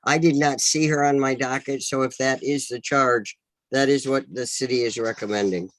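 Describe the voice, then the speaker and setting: A man's voice: mid-range voice, fairly even intonation, normal speed, fairly bright tone, dry recording, poor audio. A man working as a defense attorney who speaks to the judge briefly, formally and matter-of-factly. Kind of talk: courtroom exchange.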